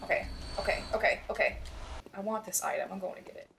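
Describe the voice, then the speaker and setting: A young woman streaming a horror game, reacting loudly with lots of swearing and jumpy outbursts. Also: medium pitch, fast, noisy background. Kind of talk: live game commentary.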